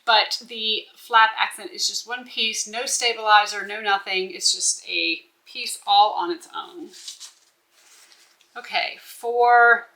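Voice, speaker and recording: A woman's voice: mid-range voice, fairly even intonation, slow pace, sharp tone, poor audio. A woman walking through a bag-making pattern step by step, instructive and checking in with the viewer as she goes. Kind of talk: step-by-step sewing tutorial.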